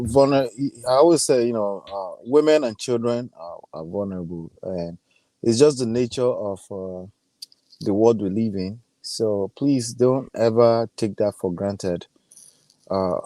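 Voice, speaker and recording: A man with a Nigerian accent, a guest on a live stream, giving earnest advice in a halting way. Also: lowish voice, warm tone, no echo. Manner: hesitant, with many fillers and restarts, earnest advice. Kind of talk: casual live-stream chat.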